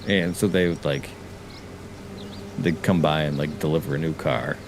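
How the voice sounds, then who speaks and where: A man's voice: a bass voice, fairly even intonation, moderate pace, noisy background. A man in his thirties chatting casually while gaming, with dry, easygoing banter.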